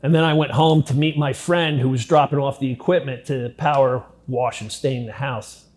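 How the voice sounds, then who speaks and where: Middle-aged man, interview subject. Blunt, profane first-person storytelling at an average pitch, swinging between hushed and heated. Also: steady tone, moderate pace. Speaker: interviewee recounting his past.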